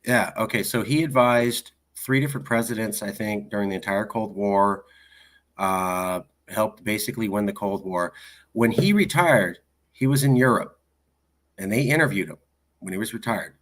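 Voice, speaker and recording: A man's voice: on the low side, normal speed, a bit bright. A man hosting an interview, animatedly sharing opinions and jumping between thoughts. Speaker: interview host. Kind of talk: casual interview conversation.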